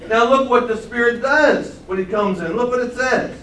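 An older man preaching a sermon, swinging from loud exclamations to quiet asides. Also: very high voice, normal speed, few pauses. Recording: roomy sound from far off the mic, faint hum.

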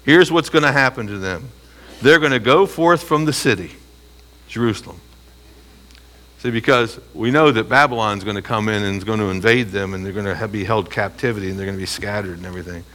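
A man's voice: on the low side, a little fast, fairly bright tone. A man teaching a Bible study, reading scripture aloud and answering his own rhetorical questions with emphasis. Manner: reads scripture aloud and comments between phrases.

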